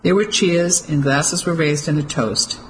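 An audiobook narrator reading a novel in steady, clear storytelling. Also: medium pitch, unhurried, slight background noise, rough recording. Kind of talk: scripted narration.

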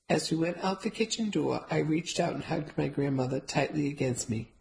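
A woman's voice: sits low, normal speed, vocal fry, few pauses, a little mellow, rough recording. A woman narrating a first-person novel, telling the story steadily with light character voices. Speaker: audiobook narrator.

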